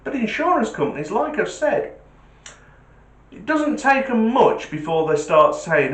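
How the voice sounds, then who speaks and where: A chatty, homely man talking casually to his viewers, his voice sitting a little high and swinging around a lot. The room is echoey. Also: big pitch swings, unhurried. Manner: chatty, homely, repeats sign-off requests. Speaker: vlogger. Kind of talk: casual vlog talk and joke telling. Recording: roomy echo.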